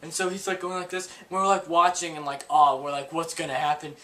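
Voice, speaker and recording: A man's voice: fairly high pitch, steady tone, brisk, pushed and bright, rough recording. A young man vlogging a childhood story to camera, rambling and full of "like" and "um.". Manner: rambling, filler-heavy with frequent "like".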